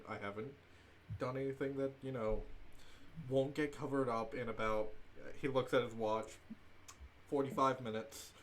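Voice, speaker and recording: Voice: medium pitch, fairly even intonation, moderate pace, slight background noise. A player speaking in character in a tabletop game, playful and evasive, often laughing. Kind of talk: in-character tabletop role-play.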